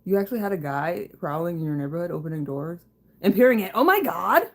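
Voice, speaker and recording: A woman's voice: lowish voice, fast talker, a little mellow. A woman hosting a casual livestream from her home kitchen, reading viewer comments, chatting loosely with lots of fillers and swearing. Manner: casual and profane, laughing, chatty with frequent fillers. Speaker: livestream host.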